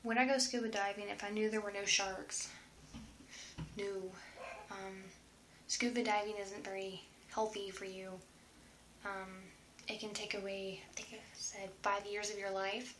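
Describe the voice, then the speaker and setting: In a casual question-and-answer vlog, a woman chats and wanders from point to point, occasionally lowering her voice to a whisper. She has a medium-pitched, slightly bright voice, a level tone and a measured pace. There's a roomy echo and slight background noise.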